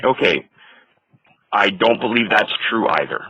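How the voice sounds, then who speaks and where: A man arguing on a phone call, firm, measured and insistent. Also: fairly low pitch, animated, sharp tone, breathy edge, no echo. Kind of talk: heated phone argument.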